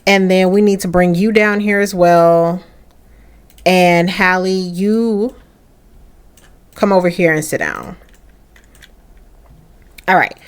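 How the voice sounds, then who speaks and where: A young woman giving casual let's-play commentary on a life-simulation game, chatty and animated. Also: fairly low pitch, slow, long pauses, clear, resonant tone. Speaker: gaming creator.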